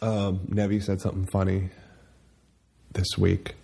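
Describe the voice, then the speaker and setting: A man's voice: monotone, unhurried, creaky, warm tone, slightly rough. A man co-hosting a casual podcast, telling rambling stories and acting out quotes in a raised voice. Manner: rambling storyteller, acts out quotes in a high voice. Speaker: podcast co-host. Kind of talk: casual chat.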